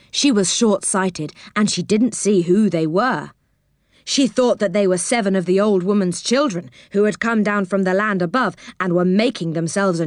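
Woman storyteller, steady bedtime-book narration, dry close sound. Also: medium pitch, no echo.

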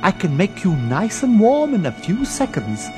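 Brief: cackling wicked old witch, put on by a male storyteller, high, swooping storybook villain. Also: huge pitch swings, moderate pace, dark tone, faint music behind. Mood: coaxing. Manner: coaxing then shrieking. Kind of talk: storybook reading.

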